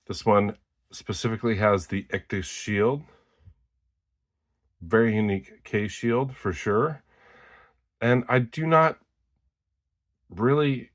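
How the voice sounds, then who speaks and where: A man hosts a casual knife review vlog in a low, unhurried voice. He talks in a relaxed, easygoing way and drops in playful, mock-dramatic asides now and then. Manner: laid-back and chatty with playful theatrical asides. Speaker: knife collector and channel host.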